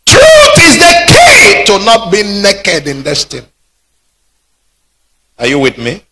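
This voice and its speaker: A man preaching a sermon, rising into shouted peaks. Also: high voice, huge pitch swings, slow, pauses often, heavy background noise. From Nigeria. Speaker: pastor.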